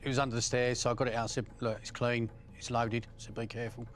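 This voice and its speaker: A middle-aged man, a former criminal giving a blunt, profane account of his past, pausing often with fillers. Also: medium pitch, little pitch movement. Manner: blunt, profane storytelling with frequent pauses and fillers. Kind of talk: first-person recollection.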